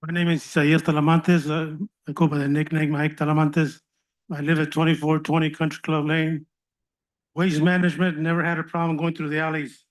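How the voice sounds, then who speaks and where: Older man, 70s, flat and even, plainspoken council-meeting complaint. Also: fairly high pitch, a little fast, rough recording. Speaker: public commenter. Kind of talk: public comment at a council meeting.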